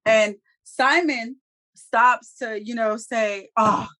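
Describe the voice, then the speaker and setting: A woman speaks at a measured pace in a mid-range voice. As co-host of a laid-back TV review chat, she recaps an episode's scenes bluntly, with lively, slang-filled, profane storytelling.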